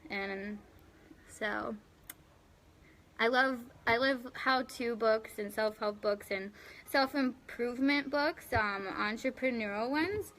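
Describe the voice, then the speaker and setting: A bubbly young woman chats on a live stream, her voice sitting a little high. She rambles through her answers with fillers and giggles, thanking viewers warmly by name. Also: slow. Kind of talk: casual live chat reading viewer comments.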